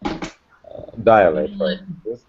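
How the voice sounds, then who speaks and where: A man's voice: low-pitched, slow pace, muffled recording, slight background noise. A man student, hesitant and searching for words as he tries a pronunciation.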